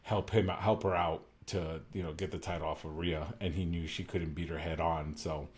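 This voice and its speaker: Casual co-host, male, very low voice, rambling recap chat. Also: steady tone, normal speed. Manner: rambling, with many fillers and self-corrections. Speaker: podcast co-host.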